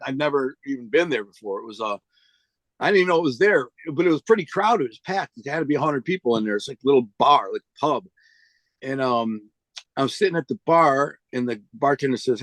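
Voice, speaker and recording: A man's voice: medium pitch, fast, no room sound. Streetwise man telling a wild story. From United States. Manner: streetwise slang, animated storytelling. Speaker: interview guest. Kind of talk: casual storytelling.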